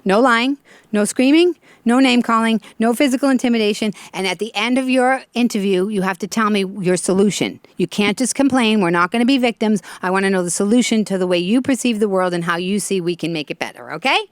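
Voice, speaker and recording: A woman hosting a talk show with an animated, chatty stand-up delivery, laughing often. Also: mid-range voice, brisk, dry recording, studio quality.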